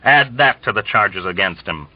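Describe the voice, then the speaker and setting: A man's voice: lowish voice, animated, normal speed, no echo. A man voicing a stiff, pompous army major who speaks coldly and officiously, in a dull, dry recording. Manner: prim and officious.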